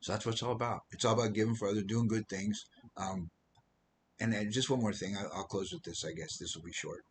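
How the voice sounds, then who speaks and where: A man's voice: lowish voice, quick pace, a little hiss or hum, low-quality recording. A man preaching an informal sermon as a missionary, rambling and losing his train of thought now and then. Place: Philippines.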